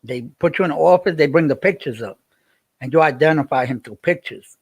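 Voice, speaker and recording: A man's voice: fairly high pitch, brisk, husky, no echo. A man, livestreaming and chatting with viewers in a rambling way, repeating himself as he tells a story. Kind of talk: casual livestream chat.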